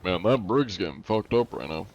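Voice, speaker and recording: A man's voice: deep voice, animated, moderate pace, a little mellow, muffled recording. A man streaming a game and chatting with viewers in a joking, teasing way, with a put-on Russian accent. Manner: joking, teasing, playing a mock-Russian persona. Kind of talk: casual livestream gaming chat.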